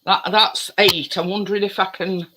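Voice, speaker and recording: A man's voice: high voice, level tone, moderate pace, pushed and bright, slight background noise, poor audio. A man chatting in a rambling, easily distracted way as he bakes in his home kitchen. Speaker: home baking vlogger. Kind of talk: casual chat while baking.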